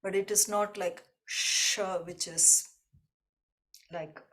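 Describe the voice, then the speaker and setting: A woman teaching a devotional class, explaining slowly and reflectively and often repeating a point in new words. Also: medium pitch, fairly even intonation. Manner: slow, reflective, gently repetitive explanation. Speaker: spiritual teacher.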